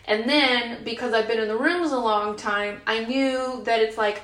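A woman's voice: on the high side, measured pace, few pauses, fairly bright tone. A woman in her fifties speaking frankly at a recovery group retreat, chatty and full of fillers. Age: 50s. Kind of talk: casual group share. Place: retreat meeting room. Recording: roomy, imperfect recording.

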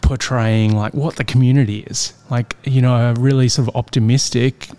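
Australian man, interview host, mid pitch, thoughtful and rambling with lots of fillers. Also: fairly even intonation, moderate pace, warm tone, smooth. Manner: rambling, reflective questions full of fillers. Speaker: podcast host. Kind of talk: interview conversation.

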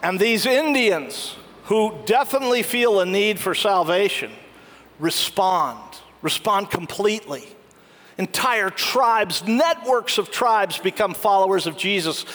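A man's voice: high voice, fairly bright tone. A man preaching a sermon, retelling a film story and acting out its quoted lines. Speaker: pastor. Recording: long hall reverb.

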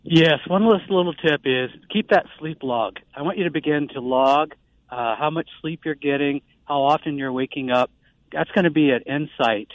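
A man who is the guest doctor on a call-in radio show, explaining calmly with many uh fillers over a phone line. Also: on the high side, normal speed, no echo. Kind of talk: expert interview on a call-in show.

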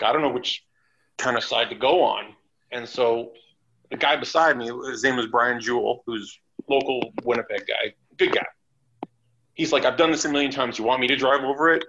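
A man's voice: mid-range voice, vocal fry, a bit bright, dull audio. A man telling a long anecdote in casual chat, acting out quotes and laughing often. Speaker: guest storyteller.

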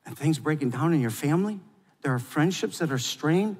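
A man preaching a sermon as pastor, swinging between loud, fervent exhortation and quiet, intimate confession. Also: a little high, lively intonation, fairly quick, breathy edge, big-room sound.

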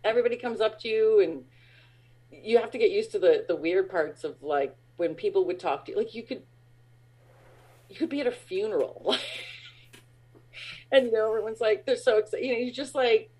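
A woman in her forties, a guest in a casual interview, rambling with lots of fillers and laughing at her own stories, jumping up high when acting out fans. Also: a little mellow.

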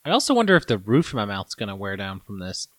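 A man chatting casually while tasting candy, animated and jokey, swearing now and then. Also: on the low side, fast, no room sound.

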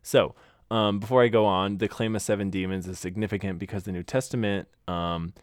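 A young man co-hosting a podcast, telling stories in a crude, animated way and laughing often. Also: fairly low pitch, fairly quick, smooth, dry recording, studio quality. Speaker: podcast co-host. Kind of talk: casual storytelling chat.

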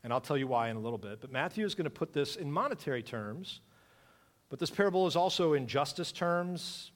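A man's voice: fairly high pitch, expressive, a little fast, in a large hall. A man preaching a conversational sermon, reading scripture and asking his congregation questions. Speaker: pastor.

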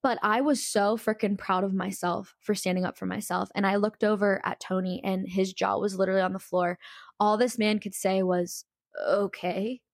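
A woman's voice: medium pitch, flat delivery, brisk, gravelly, no room sound, studio quality. A young woman telling a personal story in a casual, candid and emphatic way, full of "like" fillers.

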